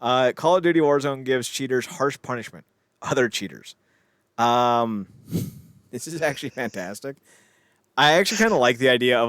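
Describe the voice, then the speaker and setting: A man co-hosting a podcast in casual chat, animated and riffing with silly voices between laughs. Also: mid-range voice, moderate pace, clean tone, no echo. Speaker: podcast co-host.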